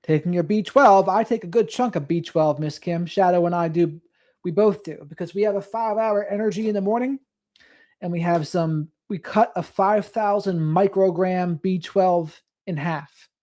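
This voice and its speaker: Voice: mid-range voice, normal speed, darkish tone. A livestream host chatting casually late at night, reading out viewer comments and drifting into rambling asides. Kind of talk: casual late-night live stream chat.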